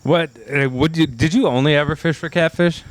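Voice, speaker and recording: A man's voice: on the high side, steady tone, brisk, a little hiss or hum. A young man co-hosting a podcast, telling crude, profane stories in casual chat. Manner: profane, laughing storyteller. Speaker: podcast co-host.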